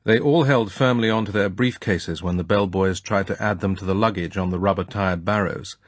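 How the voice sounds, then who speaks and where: Low husky male audiobook narrator. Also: normal speed, no echo. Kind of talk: scripted narration.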